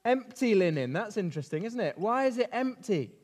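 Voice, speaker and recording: A man leading an interactive Bible lesson for children, lively and constantly asking them questions. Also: high voice, fairly quick. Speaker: children's talk leader. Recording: reverberant hall.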